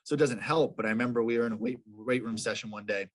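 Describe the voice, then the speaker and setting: A young professional lacrosse player, guesting on a casual podcast, tells stories in a medium-pitched voice at a fast clip. His speech is full of fillers and restarts.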